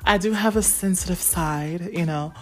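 A woman's voice: fairly low pitch, normal speed, a little mellow. A young woman hosting a podcast, talking candidly and explicitly in casual slang and speaking straight to her listeners. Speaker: podcast host.

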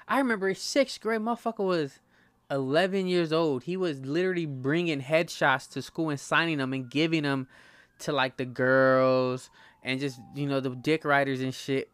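Fast-talking man hosting a casual podcast. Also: a little high, fairly bright tone, smooth, no echo. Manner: talks fast, stumbles and stutters, swears freely. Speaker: podcast host. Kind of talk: casual solo podcast monologue.

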